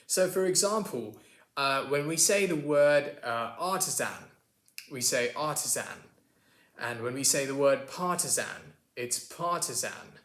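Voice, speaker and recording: An easygoing young British man with a Southern English accent , put on by a man, says example words twice and slowly in a relaxed, chatty way. His voice sits mid-range, and the room around him is echoey. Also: medium pitch. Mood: casual. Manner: easygoing, demonstrates words by repeating them slowly.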